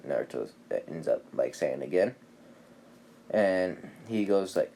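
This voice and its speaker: A man's voice: deep voice, expressive, normal speed, warm tone, slight background noise. A man casually retelling an anime fan story, rambling with fillers and laughing at his own jokes.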